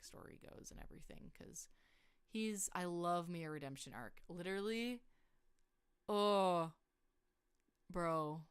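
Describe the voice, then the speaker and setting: A young woman rambling excitedly about her story characters on a casual livestream, full of filler words. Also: fairly low pitch, clean tone. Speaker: streamer. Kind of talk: casual livestream lore chat.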